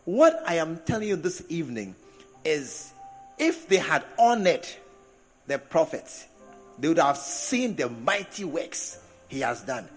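A man preaching a sermon to a congregation, animated, with laughing asides and drawn-out emphasis. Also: on the high side, breathy edge, soft background music. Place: large hall with congregation. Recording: echoey hall from a distance.

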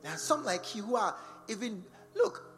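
A man's voice: sits high, expressive, fairly quick, sharp tone. A man preaching a sermon in a large church, firing rhetorical questions at the congregation. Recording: long church reverb with faint music behind.

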